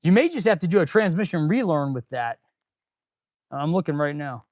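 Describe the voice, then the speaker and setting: A chatty, relaxed auto mechanic hosts a live stream from his repair shop, talking to viewers as he works and using "dude" and "man." His fairly high, darkish voice is animated at a moderate pace, in clean studio sound without echo.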